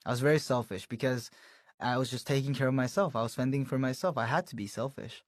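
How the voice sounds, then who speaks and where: A young man recounting his band's beginnings in a relaxed, chatty storytelling manner, laughing now and then. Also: medium pitch, fast, no room sound. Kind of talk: casual storytelling.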